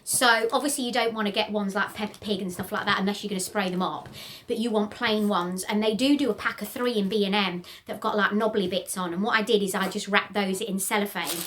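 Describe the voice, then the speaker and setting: A woman's voice: mid-range voice, fairly even intonation, fairly quick, fairly bright tone, a little hiss or hum. A middle-aged woman hosts a casual DIY craft tutorial, talking in a bubbly, rambling way with frequent ums. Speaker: host of a home crafts channel.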